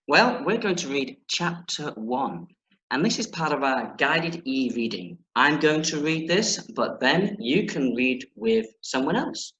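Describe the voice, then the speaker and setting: A man's voice: mid-range voice, sharp tone, muffled recording. A man teaching children in an online reading lesson, playful and jokey, then reading a story aloud with expression. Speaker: primary school teacher. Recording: echoey room.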